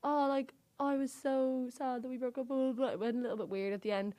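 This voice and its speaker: A woman's voice: high-pitched, steady tone, fast talker, warm tone. Chatty young woman telling stories. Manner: storytelling with lots of laughter. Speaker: podcast co-host. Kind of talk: casual chat.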